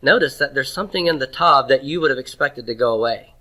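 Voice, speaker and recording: A man teaching a Hebrew grammar lesson, asking questions and answering them himself, and sounding out words slowly. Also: mid-range voice, pushed and bright. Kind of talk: classroom lecture.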